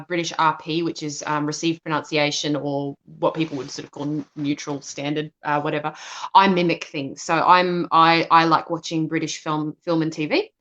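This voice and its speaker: A woman with a low-pitched, pushed, bright voice answers questions at a live Q&A, heard through dull lo-fi sound. She is an assistant director and narrator who responds thoughtfully, often restarting her sentences.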